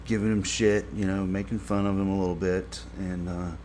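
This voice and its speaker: A man's voice: low-pitched, little pitch movement, brisk, a little mellow, a little hiss or hum. A man giving a casual spoken review of a TV episode. He rambles with many fillers and grows exasperated when he complains.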